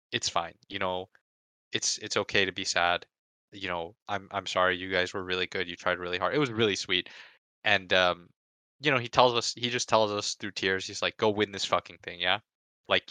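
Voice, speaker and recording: A man telling a story about a tournament in casual podcast chat, animated and full of swearing. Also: fairly low pitch, dry recording. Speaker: pro esports player recounting a tournament.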